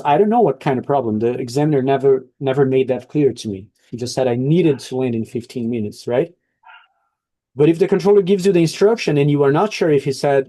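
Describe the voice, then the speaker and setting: Male teacher, online class, dark, dry sound, coaching tone. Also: mid-range voice, dry recording. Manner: explaining, coaching, frequent checks. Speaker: English teacher.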